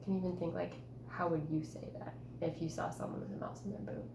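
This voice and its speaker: A woman teacher holding a one-on-one writing conference with a student, patient and encouraging, coaxing with gentle questions. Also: lowish voice, flat delivery, fast, gravelly, noisy background. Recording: roomy echo.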